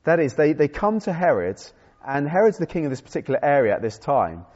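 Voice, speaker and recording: A man's voice: on the high side, very animated, a little fast, a little mellow. A man preaching a conversational sermon with self-deprecating humor and frequent restarts. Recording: dull sound in a reverberant hall.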